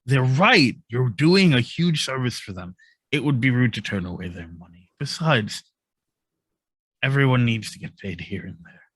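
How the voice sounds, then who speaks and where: A man's voice: medium pitch, expressive, moderate pace, breathy edge, dry recording. A man voicing a big, older male baron who is enthusiastic and apologetic in a tabletop game. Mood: kindly. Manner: effusive, apologetic, warmly enthusiastic.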